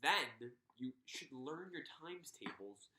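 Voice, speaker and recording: A young man teaching a video lesson, in an animated, teasing way, and acting out lines with emphasis. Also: medium pitch, slow, reverberant. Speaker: literature teacher.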